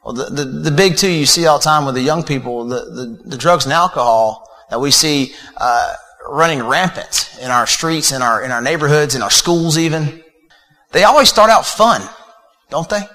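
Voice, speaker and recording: A man's voice: fairly high pitch, animated, normal speed, pushed and bright. A man preaching a sermon in a casual, conversational way, with fillers and repeated words. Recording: long reverb of a hall.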